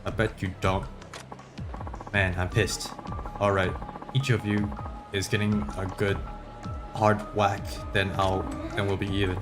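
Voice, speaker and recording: A man's voice: lowish voice, little pitch movement, a little slow, pauses often, over music, close to an everyday voice. A man doing a sneering samurai thug. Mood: snarling. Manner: snarling, sneering, crude. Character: drunk bullying male samurai thug. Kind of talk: reading game dialogue aloud.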